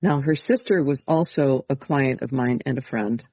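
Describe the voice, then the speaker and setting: A man hosting a casual podcast conversation as a medium, talking in a calm, measured, explanatory way. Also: mid-range voice, breathy edge, no room sound.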